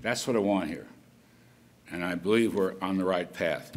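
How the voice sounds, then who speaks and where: A man's voice: low-pitched, normal speed. An older man giving an off-the-cuff policy speech as a government economic official, rambling with folksy asides. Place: conference hall at an event.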